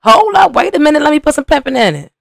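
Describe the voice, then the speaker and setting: A young woman reacts to reality TV in a loose, profane podcast commentary and calls out to her viewers as y'all. Her voice sits fairly high and swings up and down a lot as she gets worked up. The recording is close and dry, with no room sound. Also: big pitch swings, fast, vocal fry, dry recording.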